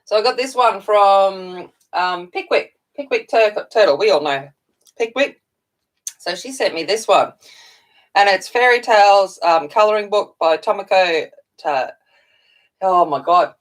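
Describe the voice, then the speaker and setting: A woman's voice: mid-range voice, unhurried, poor audio. A tired woman chats her way through a home livestream, greeting viewers by name and talking while she eats. Her voice sits in an ordinary middle range. The talk is loose and rambling. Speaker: coloring channel host. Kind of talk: casual livestream chat.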